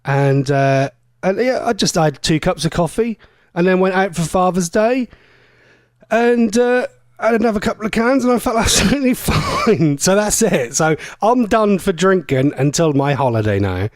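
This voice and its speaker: A man's voice: high-pitched, expressive, normal speed, no room sound. A man, a radio presenter telling long rambling stories in casual chat, full of fillers and self-corrections.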